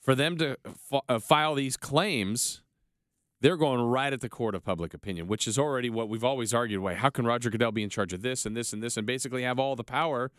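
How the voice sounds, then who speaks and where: A man co-hosting a sports talk show, speaking in a measured, conversational manner. His voice is smooth and resonant. The sound is dry and close to the microphone. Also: mid-range voice, fairly bright tone, dry recording. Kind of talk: casual sports talk debate.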